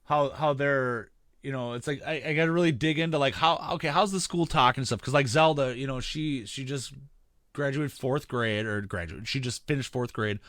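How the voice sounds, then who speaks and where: A man's voice: mid-range voice, moderate pace, fairly bright tone, no room sound. Dry-sounding rambling podcast guy. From Midwestern United States. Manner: rambling, many fillers and restarts, profane. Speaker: podcast co-host. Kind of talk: casual podcast chat.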